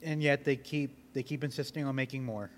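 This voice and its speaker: A man's voice: mid-range voice, steady tone, fairly quick, slight background noise. A man on a podcast panel in casual chat, sharing trivia with a dry sense of humor.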